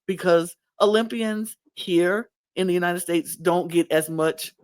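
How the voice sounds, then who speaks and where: A woman co-hosting a casual podcast, animated and emphatic, often stressing her points with a firm final word. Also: fairly low pitch, measured pace. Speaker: podcast co-host. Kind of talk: casual chat.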